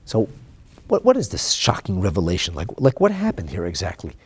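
A male Talmud teacher with a raspy, gravelly voice. His pitch leaps around expressively as he teaches. He jumps from loud, dramatic exclamations down to near-whispers. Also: wildly swooping pitch, brisk. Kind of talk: animated Talmud class.

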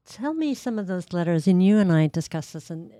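A podcast host who listens attentively, offering short affirmations and measured, unhurried questions. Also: mid-range voice, sing-song, mellow. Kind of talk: interview listening with brief backchannels.

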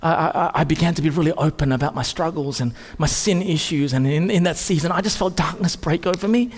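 A man preaching a sermon, swinging between loud, urgent rises and quiet, intimate drops. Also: fairly high pitch, a little fast. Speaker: pastor. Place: church hall. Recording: long hall reverb.

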